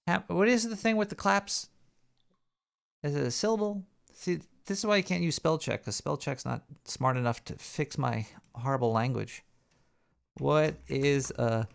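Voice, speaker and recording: A man hosting a live show, rambling and joking as he thinks out loud. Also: on the high side, lively intonation, normal speed, creaky. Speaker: show host. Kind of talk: casual live show banter.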